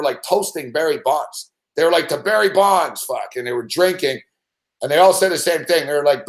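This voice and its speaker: A middle-aged man hosting a sports betting show, swearing constantly as he rants and tells stories, acting out the other people in them. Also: a little high. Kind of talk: profane casual rant.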